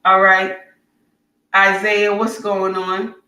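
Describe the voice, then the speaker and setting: A woman's voice: medium pitch, monotone, takes it slowly, recorded from a distance. Woman, livestream host; blunt and preachy, set off from the mic. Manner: preachy, blunt, scolding, raises voice to shouting. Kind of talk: impassioned livestream rant, then reading chat. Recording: roomy sound, voice away from the mic.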